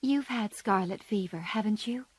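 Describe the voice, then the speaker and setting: A woman doing a shy, gentle young girl. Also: medium pitch, normal speed, breathy edge, no room sound, natural voice. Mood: quiet.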